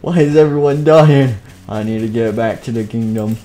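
A man's voice: mid-range voice, normal speed, mellow. Man, live-stream game narration, playful, switches into character voices.

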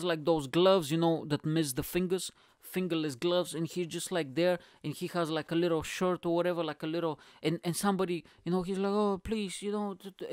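A man from Bulgaria with a Bulgarian accent, hosting a podcast and telling a story as a comic monologue with animated, exaggerated asides. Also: fairly high pitch, smooth, no room sound, studio quality. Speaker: podcast host. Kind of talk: comedic monologue.

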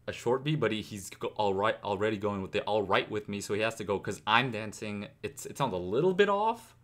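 A young man with a fairly low voice talks casually through a song reaction. He slows down to recite lyrics and picks apart the rhyme scheme as he goes, in a loose, analytical way. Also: expressive. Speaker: music reaction host.

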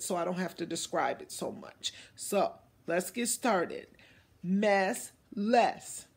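A woman teacher leading a phonics lesson for young children, slowly and deliberately modeling words and encouraging them. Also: medium pitch, vocal fry, slightly rough.

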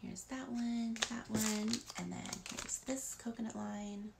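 Woman, gravelly, casual haul chat, noisy recording. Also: fairly high pitch, a little slow. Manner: chatty, rambling with frequent ums and likes. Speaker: beauty vlogger.

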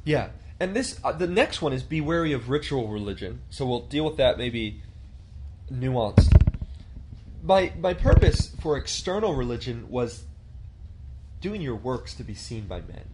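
A man's voice: medium pitch, sing-song, a little slow, background noise. A man in his thirties teaching a church leadership class in a conversational way, asking the class questions and acting out quotes.

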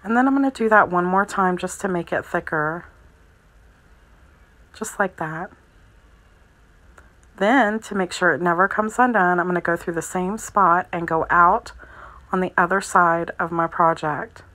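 A woman giving a calm, methodical crochet tutorial, narrating each step as she works. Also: fairly low pitch, a little slow, long pauses, poor audio. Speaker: crochet instructor.

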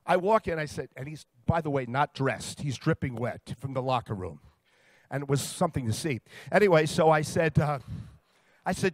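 Brief: man with a slightly high voice, comic storyteller on stage, dry close sound. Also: normal speed, no echo. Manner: lively storyteller, builds to punchlines. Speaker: sports interviewer telling stories. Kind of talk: comedic speech to a live audience.

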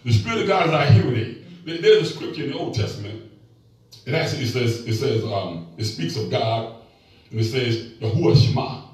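A middle-aged male pastor preaches with a medium-pitched, lively voice, talking a little fast. He trades call-and-response with the congregation and tosses in playful asides. The room echoes and the mic sits at a distance.

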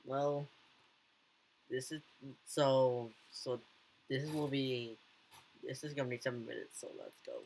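A man hosting a reaction video in casual commentary, excitable and full of halting restarts and repeated exclamations. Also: medium pitch, background noise.

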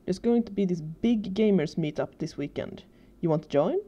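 A woman reading aloud, voicing a whiny teenage boy tech geek in a high squeaky voice. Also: lively intonation, normal speed, warm tone, lo-fi sound. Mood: eager.

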